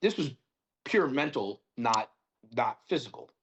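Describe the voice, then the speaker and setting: A man's voice: medium pitch, big pitch swings, unhurried, a bit bright, highs cut off, a little hiss or hum. A young man as a podcast guest, telling a long story in casual chat, rambling with many fillers and restarts.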